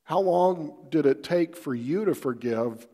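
A man's voice: fairly high pitch, lively intonation, a little slow, mellow, big-room sound. A pastor, a man, giving a folksy, conversational devotional sermon and often putting questions to the listener.

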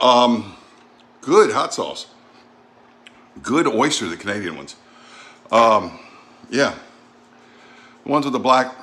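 A man's voice: lowish voice, big pitch swings, moderate pace, long pauses. A middle-aged man from the Gulf South with a Southern accent, chatting folksily as he tastes food in a casual home cooking vlog. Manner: chatty, folksy, thinks out loud while tasting. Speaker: cooking vlogger.

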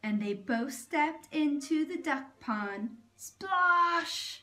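A woman reading a picture book aloud to children, animated, doing animal noises and pointing out the pictures. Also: sits high, takes it slowly, soft background music. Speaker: storyteller.

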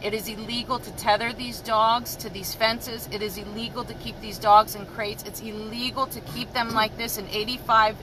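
A woman's voice: fairly high pitch, level tone, moderate pace, few pauses, background noise. A woman animal rescue activist speaking firmly and urgently to viewers in a live video.

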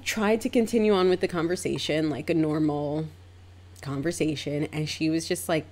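A young adult woman, a hairstylist, telling a story in a casual, chatty way, acting out both sides with big jumps in pitch. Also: a little mellow. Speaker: hairstylist and vlogger.

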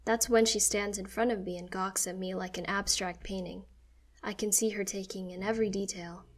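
A woman reading a story aloud in first person with a steady, expressive delivery. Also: mid-range voice, moderate pace. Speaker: story narrator.

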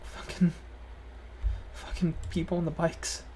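A gamer giving let's play commentary, jumpy and swearing often, sometimes yelling at game characters and reading game text aloud. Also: medium pitch, monotone, measured pace, a little hiss or hum. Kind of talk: gaming commentary.

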